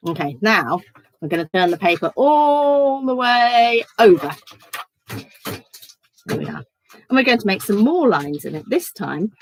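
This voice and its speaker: A woman leading an online children's church session and calmly talking viewers through paper folding step by step. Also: mid-range voice, rough recording. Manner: chatty, step-by-step instructing, giggly. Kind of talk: online craft lesson for children.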